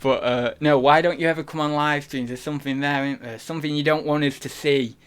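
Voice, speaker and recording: A man's voice: on the high side, steady tone, a little fast, fairly bright tone, smooth. A man hosting a live stream, talking casually in a rambling, giggly way with many restarts and fillers.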